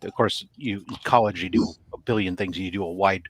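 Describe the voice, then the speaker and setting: A man's voice: low voice, brisk. A man chatting casually with friends, a joking former radio DJ who slips into announcer bits. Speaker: co-host and former college radio DJ. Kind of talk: casual chat.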